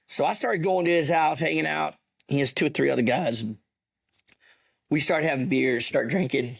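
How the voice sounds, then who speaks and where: A middle-aged man, an army veteran telling a story as a podcast guest in an animated, profane way. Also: a little high, moderate pace, vocal fry, breathy edge. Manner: animated, profane yarn-spinner. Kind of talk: casual storytelling.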